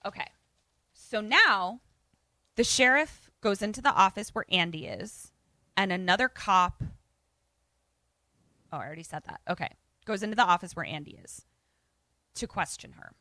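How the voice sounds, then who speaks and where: A woman podcast co-host retelling a film in casual, profane chat, animated and acting out bits of dialogue. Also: medium pitch, moderate pace, long pauses, dry recording. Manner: animated, profane, acts out voices.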